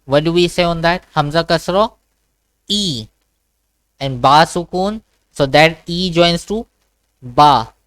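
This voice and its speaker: Patient guy teaching quran reading on a video call, smooth clear voice, keeps saying okay?. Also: a little high, slow, pauses often, a bit bright, no echo. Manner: patient, repetitive, checks understanding with "okay?". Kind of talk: online one-to-one reading lesson.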